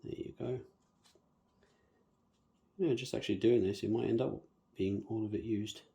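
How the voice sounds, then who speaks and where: A man's voice: fairly low pitch, steady tone, normal speed, creaky, dark tone. A man casually talking viewers through a hands-on planting tutorial, chatty and humming little nonsense syllables as he works. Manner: chatty, talks to viewers while working, hums nonsense syllables. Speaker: bonsai planting demonstrator.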